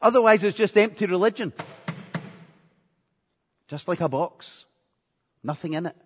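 An earnest male preacher delivers a sermon, driving points home by repeating phrases, his voice sitting a touch higher than most men's. It is captured in a church hall with a long, echoing reverb on a muffled, lo-fi recording. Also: a little slow, a little hiss or hum. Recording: echoey hall, dull lo-fi sound.

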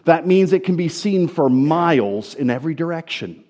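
Man, American accent, preacher, sermon, expressive storyteller, animated intonation. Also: moderate pace. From New Jersey, USA. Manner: expressive storytelling delivery, lively swings of pitch. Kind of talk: sermon with scripture reading.

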